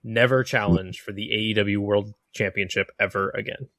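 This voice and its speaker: A man co-hosting a wrestling podcast, talking into a close mic with a very dry sound. He is opinionated and mocking, and breaks into quick impressions of the wrestlers he's tearing apart. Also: lowish voice, fairly even intonation, a bit bright, no echo. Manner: opinionated, mocking, mimics wrestlers mid-rant. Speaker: podcast co-host. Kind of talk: casual wrestling chat.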